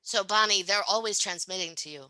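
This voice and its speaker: A woman's voice: medium pitch, fairly quick, bright, forceful tone, no echo, low-quality recording. A woman speaking as a podcast guest, telling stories casually and animatedly, often tagging sentences with "right?" and laughing. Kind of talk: casual conversational storytelling.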